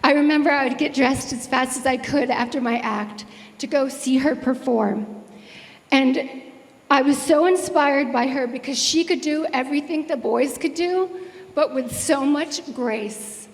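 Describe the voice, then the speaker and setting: A woman's voice: high-pitched, unhurried, in a large hall. A woman presenting an award at a ceremony, introducing the honoree with admiring, ceremonial words.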